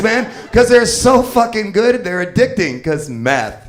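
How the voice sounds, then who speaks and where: A fifty-year-old man working a comedy club stage, his voice sitting high for a man. He rambles crudely through his bits and shouts the punchlines into a handheld mic. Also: big pitch swings, normal speed, hardly any pauses. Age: 50s. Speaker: stand-up comedian. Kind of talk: profane stand-up set.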